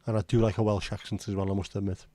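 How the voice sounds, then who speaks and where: Male livestream host, rambling and blunt, mellow low voice, dry close sound. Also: little pitch movement, quick pace, no echo. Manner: rambling, chatty, blunt with occasional swearing. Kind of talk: casual livestream chat.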